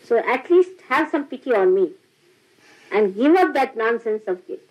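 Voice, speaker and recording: A woman's voice: fairly high pitch, lively intonation, normal speed, darkish tone. An older woman gives an informal spiritual talk to followers, laughing often and acting out little dialogues. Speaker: spiritual teacher. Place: small room with a gathering. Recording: dull lo-fi archival tape.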